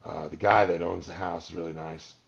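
Gravelly man telling animated stories. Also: deep voice, brisk, lo-fi sound. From Malibu, California. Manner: animated storyteller, acts out quoted voices. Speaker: interview guest, actor. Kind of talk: casual storytelling interview.

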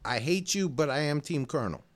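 This is a man with a fairly high voice that swings up and down a lot as he reads out listener shout-outs. He hosts the podcast in a loose, casual way, rattling off one name after another and laughing easily. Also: expressive, a little fast. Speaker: podcast host.

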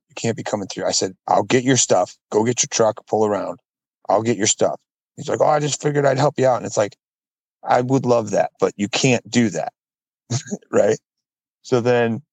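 A man with a low, gravelly, husky voice telling a story in relaxed podcast chat. He swears now and then, and the sound is dry and close. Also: dry recording. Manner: storytelling, laid-back, swears. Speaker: podcast co-host. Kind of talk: casual chat.

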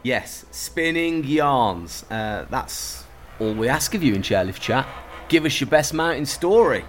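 A man co-host in a relaxed chat, teasing his guest and breaking into laughter. His voice sits at an ordinary male pitch. A faint hiss runs under him. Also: measured pace. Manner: jokey, laughs often, teasing. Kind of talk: casual podcast chat.

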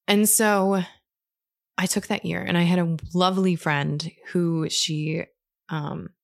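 Gravelly-voiced woman telling a personal story. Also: fairly low pitch, fairly even intonation, takes it slowly, no room sound, studio quality. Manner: candid, reflective, with soft laughs and restarts.

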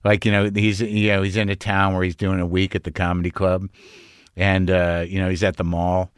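A man's voice: sits low, monotone, fairly quick, smooth, no echo, clean studio sound. A man hosting a casual conversation, rambling loosely and swearing as he tells stories. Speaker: host, actor.

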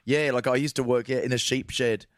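A man co-hosts a casual podcast, trading jokes and telling easygoing stories. His voice sits at an ordinary pitch, recorded dry and close. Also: fairly quick, dry recording. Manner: chatty, jokey, relaxed storyteller. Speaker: podcast co-host.

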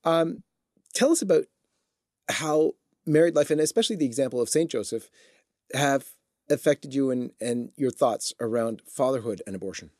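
A man's voice: mid-range voice, expressive, normal speed, darkish tone, dry recording, clean studio sound. A man hosting an interview, asking questions and jumping in with playful remarks. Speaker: host. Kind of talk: casual interview chat.

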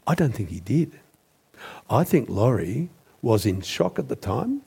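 A man, a former journalist, recounting a story as a guest in a measured, deliberate way. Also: medium pitch, big pitch swings, vocal fry, warm tone, husky. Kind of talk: storytelling interview.

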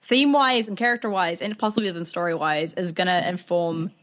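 A woman's voice: lowish voice, brisk, fairly bright tone, dull audio. Enthusiastic woman chatting about films. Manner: enthusiastic, frequent "like" fillers. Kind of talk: casual film discussion.

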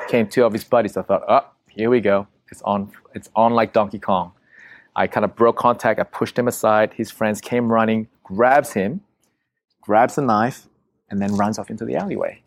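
A man with a low, gravelly voice tells a story in a casual, conversational way. He is vivid and profane and slips into the voices of the people in it. The sound is dry and close. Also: moderate pace, dry recording. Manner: vivid, profane, acts out quotes. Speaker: guest telling a story.

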